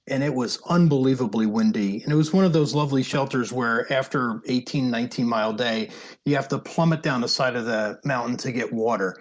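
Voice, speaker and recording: A man, a podcast guest, telling hiking stories in an animated, chatty way and often laughing. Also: mid-range voice. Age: older. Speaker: podcast guest, thru-hiker. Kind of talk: casual storytelling interview.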